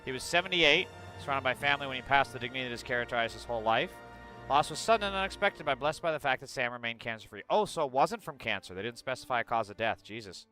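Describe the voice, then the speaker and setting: A man's voice: mid-range voice, lively intonation, quick pace, pushed and bright, soft background music. A male streamer chatting casually and bluntly on a livestream, swearing freely and reacting aloud as he reads news.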